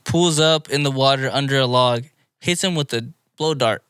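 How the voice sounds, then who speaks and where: A man co-hosting a casual podcast, recapping anime episodes in a rambling, animated play-by-play. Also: mid-range voice, normal speed, slight background noise. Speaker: podcast co-host.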